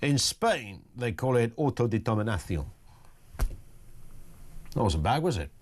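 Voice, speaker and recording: Radio host guy ranting on air, middle aged, joking around sarcastically, normal pitch. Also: big pitch swings, slow, slight background noise. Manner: rambling, joking, sardonic asides. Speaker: radio talk show host. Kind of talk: opinionated talk radio monologue.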